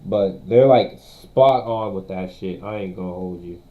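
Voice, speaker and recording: A young man streaming himself reacting to a video, talking casually and ranting loudly with lots of slang and swearing. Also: sits low, unhurried, narrow, tinny audio. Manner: loud profane ranting, slangy.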